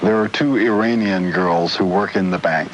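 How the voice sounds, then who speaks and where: Man, low voice, dry, wry, muffled old broadcast audio, faint hiss. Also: normal speed. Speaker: musician guest. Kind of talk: morning TV interview.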